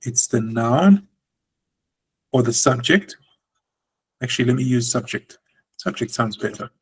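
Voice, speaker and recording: A man's voice: mid-range voice, expressive, measured pace, breathy edge, poor audio. A man teaching a language lesson, explaining patiently and drawing out example words.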